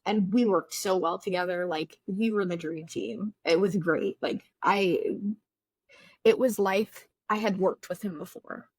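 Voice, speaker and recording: A woman's voice: mid-range voice, unhurried, darkish tone, husky, dry recording. A woman guest in a casual interview, chatty and storytelling, with lots of "like". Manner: chatty storytelling, heavy use of "like". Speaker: baking competition contestant, guest.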